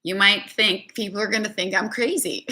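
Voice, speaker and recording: Bright-voiced woman giving an earnest coaching talk. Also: mid-range voice. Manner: earnest, conversational, with frequent "right?" asides. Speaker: spiritual coach. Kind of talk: motivational talk.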